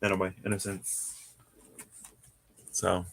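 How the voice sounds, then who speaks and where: A man's voice: sits low, completely flat delivery, takes it slowly, creaky, a bit bright, a little hiss or hum. A man doing a casual live tarot reading, chatty and given to laughing and wandering off into asides. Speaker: tarot reader.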